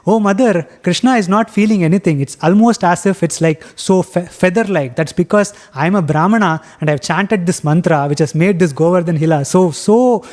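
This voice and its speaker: A man's voice: sits high, moderate pace, few pauses, a little mellow, lightly acted. Man doing a playful joker friend, light and teasing, slightly raised voice. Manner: teasing, joking. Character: jovial young male friend, playful joker.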